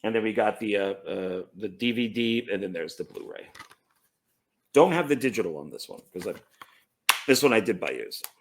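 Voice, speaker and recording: A fairly low, creaky voice at a moderate pace belongs to a movie collector browsing his films. Relaxed and enthusiastic, he rambles on, stumbling over names and correcting himself.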